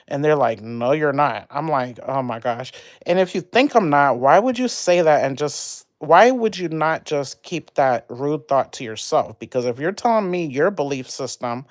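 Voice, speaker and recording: A young woman chatting casually on a livestream, rambling and animated as she vents about an argument. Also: low voice, no echo, studio quality. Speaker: livestream host.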